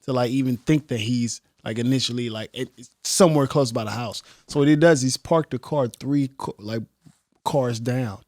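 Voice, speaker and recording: A man's voice: medium pitch, moderate pace, a little mellow, no room sound. Male podcast co-host, joking casual banter, dry close sound. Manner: joking, acts out quotes in silly voices. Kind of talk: casual chat.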